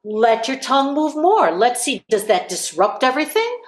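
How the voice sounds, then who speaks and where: A woman's voice: high-pitched, sing-song, normal speed, a little hiss or hum. Encouraging woman voice teacher, roomy sound. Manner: encouraging, demonstrative, sings vowel examples. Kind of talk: live group voice lesson.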